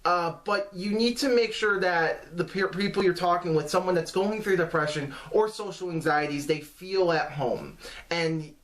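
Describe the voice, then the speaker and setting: A man vlogging casual advice to camera in an earnest, halting way, with many restarts and fillers. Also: sits high, a bit bright.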